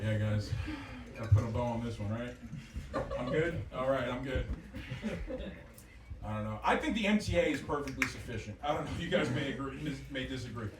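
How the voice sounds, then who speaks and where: A man's voice: mid-range voice, fairly quick, pauses often, noisy background. A man doing a crude, rambling, self-mocking stand-up comedy set, heard from a distance in an echoing club with the crowd laughing. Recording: roomy club sound from far off with crowd laughter.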